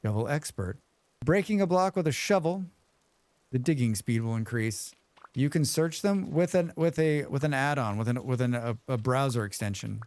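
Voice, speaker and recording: A man's voice: medium pitch, lively intonation, moderate pace, a little mellow. A man livestreaming a game, chatting casually with viewers, humming and thanking them as he plays. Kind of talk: casual livestream chat while gaming.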